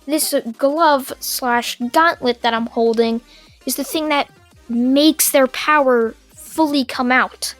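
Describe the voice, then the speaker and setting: A woman's voice: sits high, takes it slowly, soft background music. A woman voicing a cocky, overpowered teenage boy who speaks with offhand confidence. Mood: matter-of-fact.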